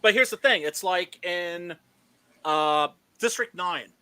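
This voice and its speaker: A man's voice: high-pitched, slow, pushed and bright, clear, resonant tone. A man hosting a casual film discussion, emphatic and swearing freely, often checking in with "right?". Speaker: podcast host.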